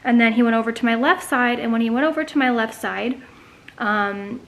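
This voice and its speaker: A woman's voice: a little high, a bit bright. Chatty young woman vlogger. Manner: chatty, fast, many fillers like "um" and "like". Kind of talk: casual storytelling to camera.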